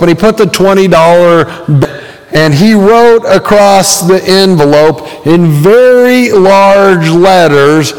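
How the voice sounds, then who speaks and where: A man's voice: high-pitched, smooth, in a large hall. A man preaching a sermon as pastor, telling stories conversationally with frequent fillers and acting out the voices he quotes.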